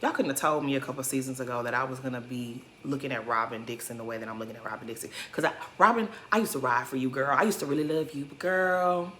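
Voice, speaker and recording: A woman's voice: a bass voice, fast, hardly any pauses, a bit bright, slight background noise. A woman giving blunt, sassy reaction commentary on a reality show, talking straight to the cast.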